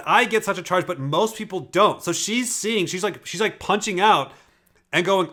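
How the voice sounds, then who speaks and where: Fast-talking, bright-voiced man; emphatic, profane commentary host. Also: sits high, expressive. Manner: emphatic, profane, rapid explaining. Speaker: personality typing commentator. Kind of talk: casual commentary on video clips.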